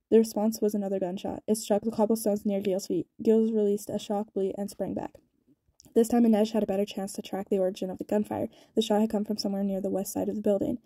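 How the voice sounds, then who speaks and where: Woman reading a novel fast, dark tone. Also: mid-range voice, little pitch movement, no room sound. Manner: fast reading with small stumbles and restarts. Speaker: audiobook reader.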